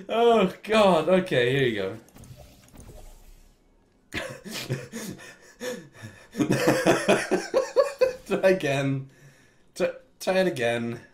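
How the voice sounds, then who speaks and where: A man chatting through a co-op game, his pitch swinging wildly as he dissolves into helpless, tearful laughter. He talks slowly, dragging words out between fits of giggles. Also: wildly swooping pitch. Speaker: co-op game player. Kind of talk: casual gaming chat.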